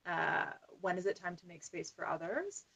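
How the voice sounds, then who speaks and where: A woman wellness coach as a podcast guest, talking in an animated way with frequent "like". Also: lowish voice, normal speed, gravelly, husky, poor audio. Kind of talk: conversational podcast interview.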